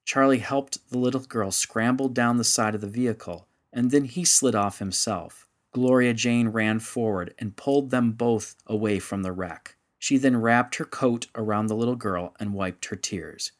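A man narrating a story in a measured, steady audiobook style. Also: mid-range voice.

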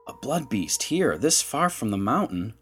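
A man's voice: medium pitch, big pitch swings, a little slow, fairly bright tone, soft background music, voice pushed up. A man reading as a solemn tribal priest. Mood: grave.

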